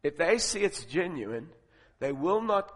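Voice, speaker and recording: A man's voice: fairly high pitch, sing-song, measured pace. Preaching man in a reverberant hall. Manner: storytelling, building to loud emphatic points. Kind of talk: sermon. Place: large auditorium with audience. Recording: long reverb of a large hall.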